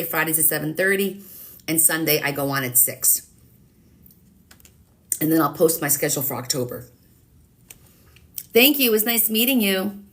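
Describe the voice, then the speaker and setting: A woman hosting a live watercolor stream, chatting casually and teasing herself as she thinks aloud while painting. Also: fairly low pitch. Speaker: live-stream craft host.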